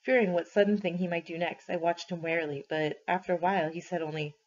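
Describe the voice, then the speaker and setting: Measured reader narrating a novel for class. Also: medium pitch, steady tone, a little hiss or hum. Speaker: teacher reading a novel aloud. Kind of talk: reading aloud for a class. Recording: dull lo-fi recording.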